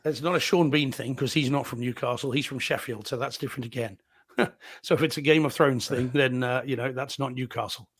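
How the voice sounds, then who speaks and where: Husky New Zealand-born co-host. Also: male voice, mid-range voice, steady tone, a little fast, fairly bright tone, no echo. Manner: chatty, laughs between points. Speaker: podcast co-host. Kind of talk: casual live-stream chat.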